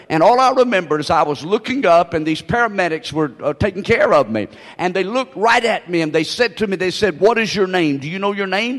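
Male pastor, folksy sermon delivery, slightly high voice, large reverberant church hall. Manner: folksy storytelling with drawn-out emphasis. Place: church sanctuary.

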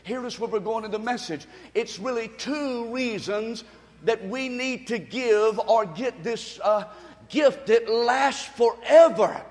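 A man preaching a sermon, leading the congregation to repeat after him and building to shouts. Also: very high voice, slow. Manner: call-and-response preaching, rising to shouts. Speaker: pastor. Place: church sanctuary. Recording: long reverb of a church hall.

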